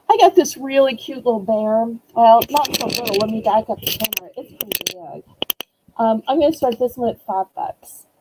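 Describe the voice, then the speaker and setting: A woman's voice: animated, measured pace, pauses often, heavy background noise. A woman hosting a live-stream auction from home, talking to viewers on a webcam, fighting back her emotions before she goes back to cheerful selling. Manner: emotional, holding back tears, then cheerful product pitching.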